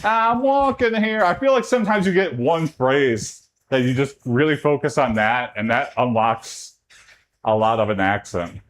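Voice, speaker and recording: A man in casual livestream chat, rambling from one thought to the next. His mid-pitched voice leaps up sharply whenever something excites him. He talks to his viewers while working out. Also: moderate pace. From Texas. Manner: chatty, rambling, pitch jumps up when excited. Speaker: streamer.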